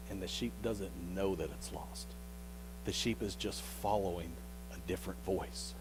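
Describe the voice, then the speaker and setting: A male pastor preaching a sermon as a vivid story, often repeating words and dropping into hushed tones. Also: on the low side, rough recording.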